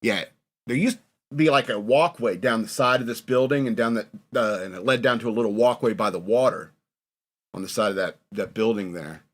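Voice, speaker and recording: A man's voice: lowish voice, fairly quick. A man in his forties, hosting a podcast and recalling his youth in a rambling, self-mocking way. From northern New York. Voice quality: rambling, laughing at himself. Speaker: podcast host. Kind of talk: casual reminiscing chat.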